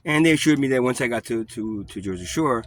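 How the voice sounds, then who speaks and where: A man's voice: mid-range voice, lively intonation. Rambling, profane New man. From New York. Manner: rambling, profane, halting restarts. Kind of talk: casual storytelling vlog.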